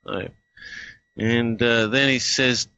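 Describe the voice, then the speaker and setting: A man's voice: medium pitch, fairly even intonation, slow pace, bright, forceful tone, muffled recording, a little hiss or hum. A man with an Australian accent hosting a casual chat, thinking aloud and often restarting his sentences. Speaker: host.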